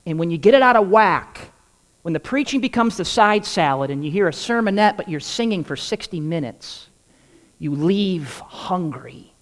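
A man's voice: high voice, animated, normal speed, in a large hall. A man preaching a sermon, telling a humorous personal story and acting out the dialogue before drawing the lesson. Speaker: pastor.

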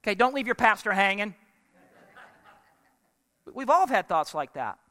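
A man's voice: sits high, big pitch swings, measured pace, long pauses, pushed and bright, long reverb tail. A man preaching a sermon as pastor, emphatic and full of rhetorical questions put to the congregation.

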